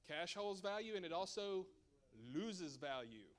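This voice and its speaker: A man's voice: sits high, lively intonation, measured pace. A man presenting at a church seminar as a financial advisor, conversational and emphatic with joking asides.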